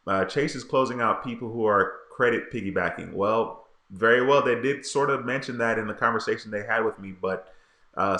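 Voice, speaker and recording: A man's voice: on the low side, bright, forceful tone. Laid-back man, echoey room. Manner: laid-back, frustrated, slangy. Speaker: livestream host reading viewer comments. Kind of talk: casual livestream chat.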